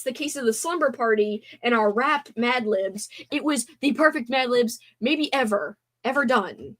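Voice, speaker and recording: A woman's voice: fairly high pitch, a bit bright. A young woman hosting a livestream, bubbly and giggly as she chats with viewers, still tired after a sleepover. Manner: bubbly, giggly, reacts to chat. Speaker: livestream host. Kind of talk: casual livestream chat.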